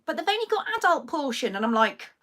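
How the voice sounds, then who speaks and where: A chatty woman in her thirties hosts a casual livestream from home. Her voice is bright and sits a little high. She tells stories animatedly and acts out everyone's lines as she goes. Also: sing-song, quick pace. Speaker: livestream host. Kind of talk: casual chat.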